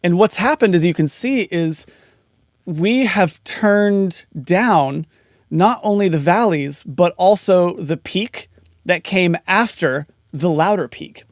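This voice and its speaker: Here the compression tutorial comes from a high-voiced mixing instructor who takes things slowly, covering each setting step by step in a casual screen recording. The sound is dry and studio quality.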